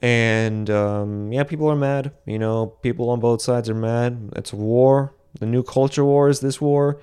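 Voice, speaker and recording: Smooth-voiced young man, rambling podcast host. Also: medium pitch, steady tone, measured pace, warm tone. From Boston, USA. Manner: rambling, with frequent restarts and self-corrections. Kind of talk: solo podcast commentary.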